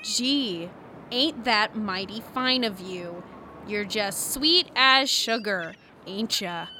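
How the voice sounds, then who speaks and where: A woman's voice: mid-range voice, animated, unhurried, fairly bright tone, slight background noise. A woman playing a sullen, sarcastic character who grumbles and snaps back.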